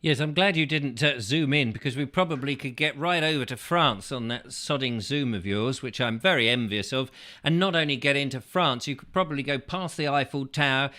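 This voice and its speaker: Bright English host, rambles with jokey asides. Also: male voice, a little high. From England. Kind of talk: casual chat.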